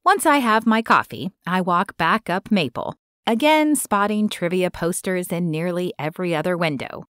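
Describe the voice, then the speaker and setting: An audiobook narrator, a woman, reads a first-person romance novel in a light, even storytelling manner. Her voice is on the low side and her pace moderate, with clean studio sound and no room sound.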